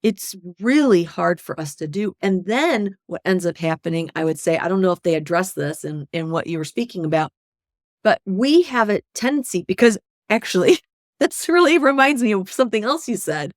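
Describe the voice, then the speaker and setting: Animated woman coach, dry sound. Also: mid-range voice, moderate pace, no room sound. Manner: animated, often tags "right?", acts out inner voices. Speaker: hypnosis practitioner and coach. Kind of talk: conversational interview.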